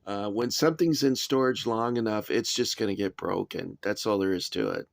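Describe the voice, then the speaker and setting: A man's voice: fairly low pitch, expressive, normal speed, gravelly, dry recording. Rambling man in a dry room. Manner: rambling, chatty, frequent uh and um, dry asides. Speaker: toy soldier collector reviewing figures. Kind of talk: casual show-and-tell review.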